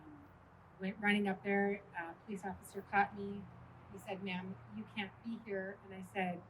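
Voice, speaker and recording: Halting woman telling a painful story. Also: medium pitch, flat delivery, recorded from a distance, noisy background. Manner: halting, with frequent ums. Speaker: widow speaking at a memorial. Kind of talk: personal testimony speech.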